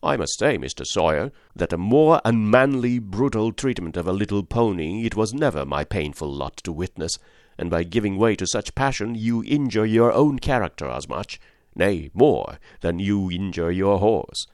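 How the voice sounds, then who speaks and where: A man reading the part of a stern, upright gentleman horse owner who scolds with grave moral reproach. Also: fairly low pitch, animated, moderate pace, no room sound, studio quality. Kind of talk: audiobook character reading.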